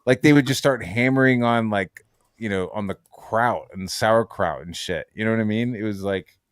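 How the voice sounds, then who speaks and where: A man's voice: on the low side, moderate pace, smooth, dry recording, clean studio sound. A man hosting a casual podcast, telling rambling stories full of fillers and casual swearing. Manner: rambling, filler-heavy storytelling. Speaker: podcast host. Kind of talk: casual chat.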